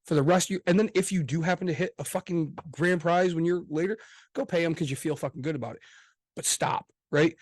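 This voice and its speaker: A man co-hosting a casual podcast chat, swearing freely and talking with loud emphasis. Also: on the high side, fast talker, no room sound. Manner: profane, emphatic, gets loud. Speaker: podcast co-host.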